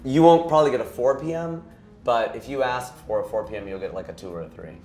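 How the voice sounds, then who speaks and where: A man's voice: medium pitch, fast talker, darkish tone, echoey room. A man hosting an interview, chatty and jokey, rambling through questions and stories. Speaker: host, comedian. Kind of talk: casual interview chat.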